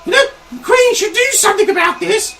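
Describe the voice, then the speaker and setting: A man voicing a grumbling old Cockney man who rants about prices in a shrill, shouting voice. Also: brisk, creaky, faint music behind, full character voice, low-quality recording. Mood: indignant.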